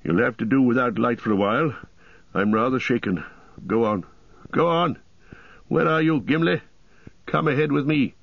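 A man's voice: medium pitch, moderate pace, gravelly, pauses often, dry recording. A man voicing a fierce, commanding old wizard in an audiobook, urgent in manner. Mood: shaken. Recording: dull lo-fi cassette.

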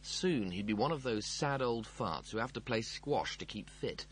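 A man reading a comic novel aloud as narrator, in a wry and expressive storytelling manner. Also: medium pitch, normal speed, slightly rough. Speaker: audiobook narrator. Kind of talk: scripted narration.

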